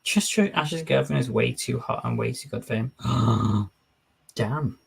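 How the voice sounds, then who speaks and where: Male streamer host, husky voice, casual chat that riffs off his viewers' comments. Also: mid-range voice, measured pace. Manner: chatty, reads viewer comments aloud and answers them.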